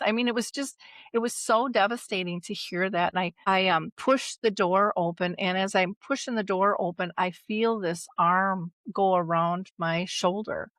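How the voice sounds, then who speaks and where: A woman's voice: mid-range voice, normal speed, a bit bright, no room sound. A middle-aged woman, a dementia care advocate, earnestly recounting a personal family story with emotion and a few restarts.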